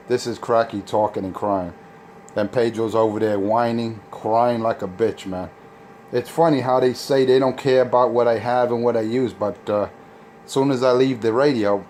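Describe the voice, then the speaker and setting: A man's voice: medium pitch, a little mellow, a little hiss or hum. A man on CB radio, taunting and insulting rival operators in a boastful, crude way. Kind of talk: trash talk over CB radio.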